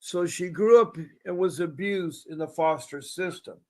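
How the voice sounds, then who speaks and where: A man's voice: sits high, measured pace. A man hosting a call-in show, talking in a rambling, folksy way and repeating himself. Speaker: show host. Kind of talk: casual call-in show talk.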